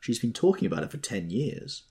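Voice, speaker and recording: A man's voice: medium pitch, very animated, a little fast, gravelly, husky, voice pushed up, full character voice. Man voicing a worn-out sick garage man. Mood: weary. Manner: tired, quiet.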